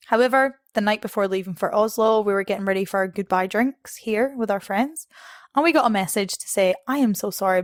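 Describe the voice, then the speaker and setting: A young Scottish woman appears as a podcast guest, recounting travel stories with a mid-range voice in a clean studio recording with no room sound. She's chatty, laughs often, and acts out what other people said in this casual storytelling interview.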